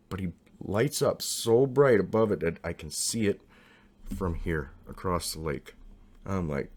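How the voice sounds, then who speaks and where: Low-voiced man telling a rambling story. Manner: rambling, animated, acts out quotes with raised pitch. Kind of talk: casual storytelling.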